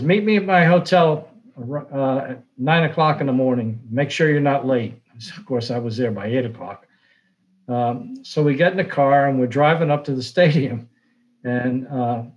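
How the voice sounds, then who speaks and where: An older sportswriter, telling rambling anecdotes full of fillers and restarts. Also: male voice, mid-range voice, darkish tone, poor audio. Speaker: sportswriter guest. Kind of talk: casual storytelling.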